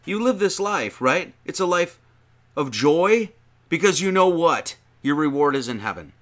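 A man's voice: fairly high pitch, very animated, a little slow. A man giving an informal sermon, reading scripture aloud and commenting on it in a conversational way, with frequent restarts and emphatic lists. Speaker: preacher.

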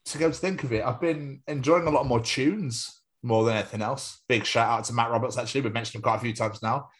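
A man's voice: mid-range voice, fast. A young man, co-hosting a podcast in casual chat, jokey and rambling. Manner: chatty, jokey, slips into silly put-on voices. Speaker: podcast co-host.

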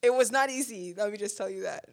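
A woman's voice: mid-range voice, fast. A young woman co-hosting a podcast, chatting casually in a teasing, playful way. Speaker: podcast co-host. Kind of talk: casual chat.

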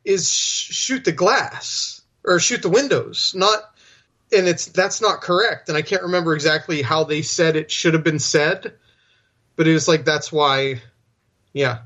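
A man with a slightly raised pitch chats casually about films, often stopping and restarting as he gathers his thoughts. His audio is a little dull and lo-fi, as though through a modest mic. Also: a little slow, bright, forceful tone. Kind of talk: casual chat about movies.

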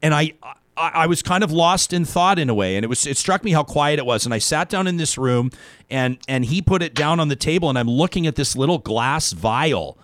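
A male talk show host tells a personal story in a reflective way that turns animated. His voice sits a bit high for a man. The sound is dry and close, with no room around it. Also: fairly quick, dry recording. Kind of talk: casual talk show conversation.

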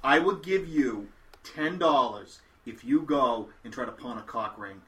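A man's voice: medium pitch, measured pace, far from the mic. A man hosting a podcast, chatting casually and joking with lots of laughter. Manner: animated, laughing, jokey. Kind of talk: casual chat.

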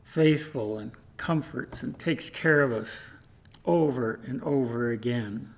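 A man preaching a sermon, telling a story in a measured, rhythmic way. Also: medium pitch. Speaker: pastor.

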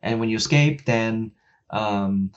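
In casual chat, a man rambles through a video game's story, swearing and using many fillers while acting out the characters' lines. He has a lowish voice and a slow pace but gets loud and excited when making a point, and the sound is lo-fi.

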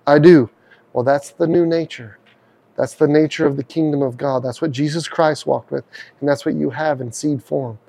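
A man's voice: fairly high pitch, steady tone, normal speed, vocal fry, dark tone, husky. A middle-aged man preaching an earnest, conversational radio sermon, acting out prayers aloud as he speaks.

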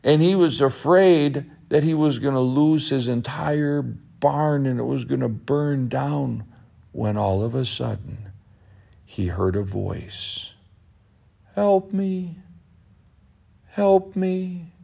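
A man telling a children's story aloud, in a slow, gentle, repetitive way. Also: mid-range voice, creaky, slightly rough. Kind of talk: storytelling narration.

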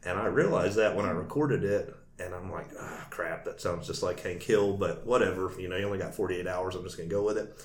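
A man's voice: sits low, fairly quick, hardly any pauses. A man chatting as an interview guest, telling a long story with many fillers and frequent laughs. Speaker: guest cartoonist. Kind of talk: casual interview chat. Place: Nashville. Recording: echoey room with faint noise.

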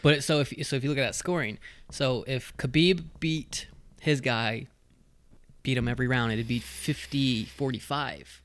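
A man's voice: mid-range voice, steady tone, normal speed, fairly bright tone, no echo. A man in casual chat, rambling and loose, swearing often as he recaps fights.

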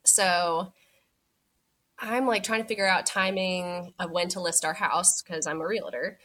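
A woman's voice: on the low side, fairly even intonation, a little slow, fairly bright tone. A young woman telling her birth story as a podcast guest, chatty and full of "like," acting out what she said back then. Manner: chatty, many "like" fillers, acts out her own past words. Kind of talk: casual storytelling.

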